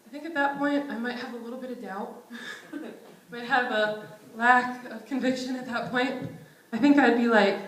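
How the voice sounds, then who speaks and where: A woman's voice: a little high, steady tone, normal speed. A young woman preaching a conversational sermon in a church, casual and self-deprecating, often chuckling. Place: church sanctuary. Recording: roomy church sanctuary echo.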